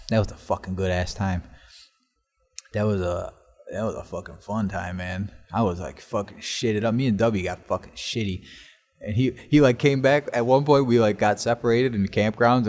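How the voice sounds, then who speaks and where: A man with a somewhat low voice rambles through his stories in a loose, casual way, peppering nearly every sentence with curses. He records solo for his own podcast from a basement workshop in an old house, speaking into a laptop. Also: darkish tone. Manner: profane, rambling, swears constantly. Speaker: podcast host.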